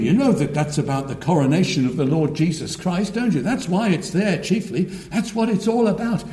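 A man preaching a sermon, measured and emphatic, with frequent restarts. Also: a little high, lively intonation, mellow, reverberant.

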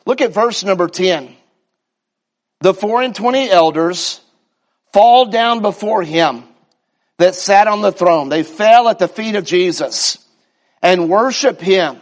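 A man's voice: high voice, animated. A man preaching a sermon with fervor, drawing out his repetitions and stumbling into restarts. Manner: fervent preaching, slow drawn-out repetitions, stammering restarts.

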